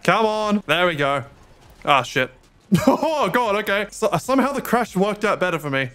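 A man's voice: high voice, sing-song, moderate pace, a bit bright, clean tone. A young man giving sarcastic gameplay commentary and talking back to game characters. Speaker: gaming YouTuber.

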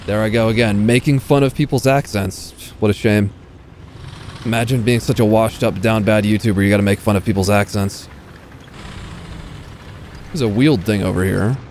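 A man's voice: lowish voice, steady tone, normal speed, pauses often, a little mellow. A young man giving casual, self-mocking live commentary while playing a tank game, swearing and talking to himself. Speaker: gaming YouTuber. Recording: faint game noise behind. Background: game gunfire and vehicle sounds.

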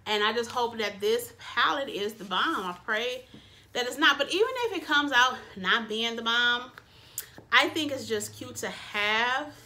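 Excitable woman gushing over makeup, bright kinda high voice, says y'all a lot, bedroom cam vlog. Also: unhurried. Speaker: beauty vlogger. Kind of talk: casual unboxing chat. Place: her bedroom.

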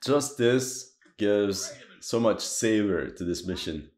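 A man and amateur historian giving lively reaction commentary on a war game, often exclaiming, laughing and sounding incredulous. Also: on the low side, takes it slowly.

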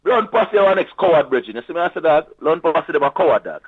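A man with a Jamaican accent, boasting in lively patois as a sound system guest in casual radio chat. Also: on the high side, fast talker, breathy edge, dry recording. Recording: tinny phone-line audio.

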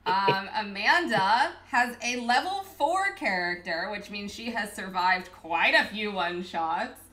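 A woman's voice: mid-range voice, animated, a little slow, pushed and bright, a little hiss or hum. A woman hosting a casual livestream chat in a bubbly way, laughing often. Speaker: host.

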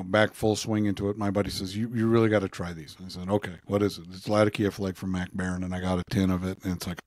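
A man's voice: lowish voice, darkish tone, dry recording. Man, podcast co-host, casual chat, keeps laughing, dry close sound. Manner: laughs often while reading out jokes.

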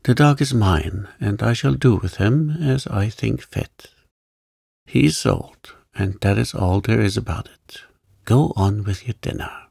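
A man voicing a stern, curt farmer uncle who brooks no opposition, in a calm bedtime story reading. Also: on the low side, a little slow, creaky, slightly rough, dry recording, clean studio sound, exaggerated voice.

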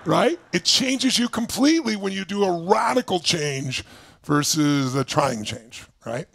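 Running a live video-call seminar, this motivational speaker has a high, gravelly voice and moves a little slowly, with some hiss or hum on the recording. He's energetic and emphatic, pushing listeners along with a steady stream of "right?".

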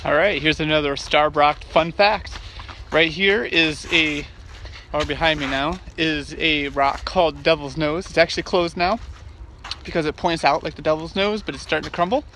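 A man's voice: a little high, steady tone, normal speed, pushed and bright, a little hiss or hum. Joking middle-aged man vlogging outdoors. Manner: joking, self-mocking, playful. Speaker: vlogger on a family hike. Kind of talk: casual vlog chat. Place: outdoors at a state park.

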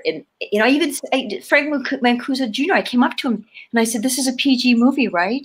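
Animated woman telling a long story. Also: sits high, fast talker, few pauses, breathy edge. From Canada. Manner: animated, laughing, many restarts. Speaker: guest actor. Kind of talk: casual interview storytelling.

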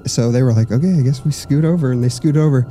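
A man's voice: mid-range voice, quick pace, warm tone, soft background music. Young man telling ghost stories on stage. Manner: loose and chatty, swears freely, laughs between lines. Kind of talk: casual live storytelling. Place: stage at a live show.

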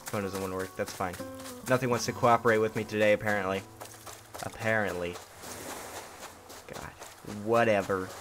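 A man's voice: on the low side, steady tone, normal speed, long pauses, music in the background. A tired young man streaming a game, grumbling in sarcastic mock indifference. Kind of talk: casual live-stream gameplay commentary. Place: hot room at home. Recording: noisy home stream recording.

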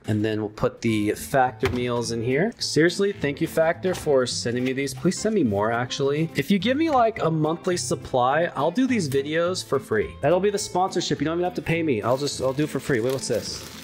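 Goofy, rambling man in a home kitchen. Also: a little high. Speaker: cooking vlogger. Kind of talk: casual cooking vlog chat.

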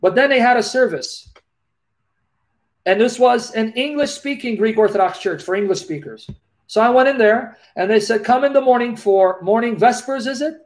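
Earnest high-voiced man in live Q&A. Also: normal speed. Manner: earnest, emotional, repeats phrases. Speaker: host of a live Q&A. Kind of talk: live video-call Q&A, personal testimony. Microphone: video call.

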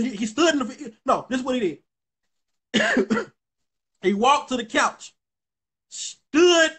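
A man's voice: very high-pitched, a bit bright, husky. A young man tells a story to his viewers in a rambling, profane way, full of restarts. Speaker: vlogger addressing his viewers. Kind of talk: casual storytelling commentary.

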